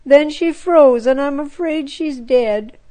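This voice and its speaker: A woman's voice: high voice, slow pace, dark tone, pitched above the performer's own voice. A woman voicing a tearful little girl who pleads and weeps over her lost kitten. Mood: pleading. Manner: pleading, weepy.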